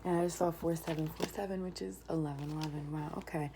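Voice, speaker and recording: A woman with a deep, low voice reads tarot cards aloud. She often sinks into a whisper and then bursts into excited exclamations. A steady hiss of noise sits under the home recording. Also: fast. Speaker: tarot reader. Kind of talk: tarot reading vlog.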